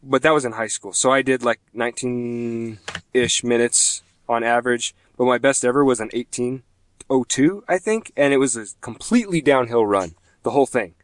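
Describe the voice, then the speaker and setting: A man's voice: mid-range voice, moderate pace, dry recording. Rambling twenty-something male podcast host. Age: 20s. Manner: rambling, self-deprecating, laughs often. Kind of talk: casual gaming podcast chat.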